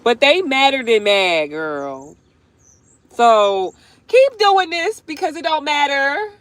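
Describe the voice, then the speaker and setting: A woman's voice: high-pitched, big pitch swings, takes it slowly, fairly bright tone, dry recording. A young woman giving a live-streamed tarot reading outdoors beside a road, talking in a chatty, slangy, emphatic way. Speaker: tarot reader.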